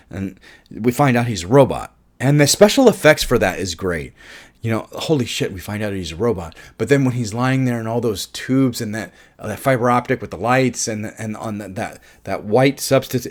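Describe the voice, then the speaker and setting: Excitable man swearing through a film review. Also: on the low side. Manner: enthusiastic, swearing, laughs at own jokes; rambling with frequent restarts. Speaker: movie reviewer.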